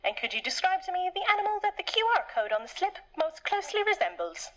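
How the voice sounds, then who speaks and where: An actress voicing a brisk, officious female clerk at a delivery company. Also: very high voice, sing-song, pushed and bright, exaggerated voice. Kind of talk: video game voice acting.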